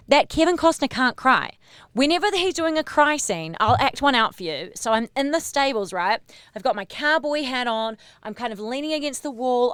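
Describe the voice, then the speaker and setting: A woman hosting a pop-culture podcast, chatting casually in a gossipy, animated, sometimes sweary way. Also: high-pitched, smooth, no echo. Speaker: podcast host.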